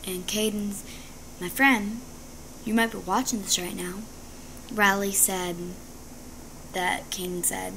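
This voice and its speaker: A woman's voice: medium pitch, steady tone, slow, vocal fry, pauses often, sharp tone. Chatty female vlogger, noisy recording. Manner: chatty and dramatic, with bursts of whispering. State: injured ankle. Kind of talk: casual storytelling to camera.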